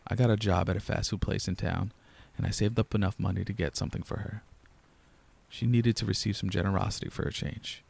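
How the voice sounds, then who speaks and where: Young guy telling a creepy story, lowish voice, lots of gravel and fry. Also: fairly quick. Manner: low-key, steady first-person storytelling. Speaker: narrator. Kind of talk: scripted horror narration.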